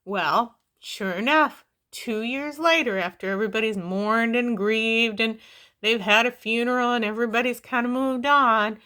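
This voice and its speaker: A woman casually reviewing a book, chatty and rambling with many fillers and restarts, retelling the story in a playful, animated way. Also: fairly high pitch, normal speed.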